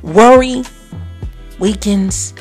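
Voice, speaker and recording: A woman's voice: very slow, soft background music. A woman hosting a motivational podcast, speaking in a preachy way and repeating phrases for emphasis. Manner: swings from low murmurs to loud exclamations. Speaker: podcast host. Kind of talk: motivational talk.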